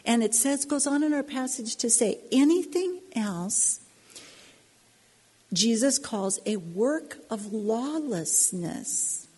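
Husky woman teaching the Bible. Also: a little high, expressive, darkish tone, in a large hall. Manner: earnest, personal, slows down to stress points.

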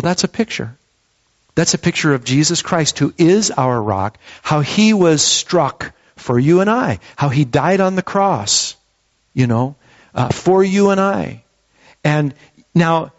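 A man preaches an earnest sermon, retelling the story in a fairly high voice. He stresses key words and restarts a few phrases. The recording sounds dull and lo-fi, as if it was made in a church hall. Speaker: pastor.

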